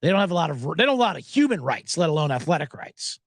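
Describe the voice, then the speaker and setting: A man hosting a sports betting show talks rapid-fire in a very animated, fairly high voice, captured in a clean, dry studio recording. His casual commentary rambles along, loose, joking, profane, and full of asides.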